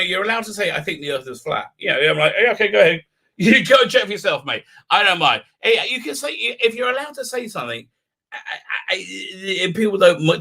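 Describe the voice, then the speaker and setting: Animated, bright-voiced man live-streaming. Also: high voice, gravelly. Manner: rambling, many fillers and restarts; chatty, reads out viewer comments. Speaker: livestream host. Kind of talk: live-stream chat with viewers. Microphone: desk mic with unsteady level.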